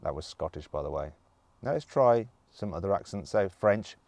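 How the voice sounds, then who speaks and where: A man's voice: deep voice, expressive, normal speed, vocal fry, noisy background. A man from the English Midlands with a British accent, presenting a car review in an upbeat, playful, chatty way. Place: in and around a car.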